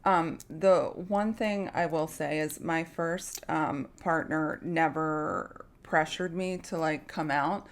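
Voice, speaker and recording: A woman co-hosting a podcast who talks in a hesitant, halting, casual way. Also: low voice. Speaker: podcast co-host. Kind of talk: casual chat.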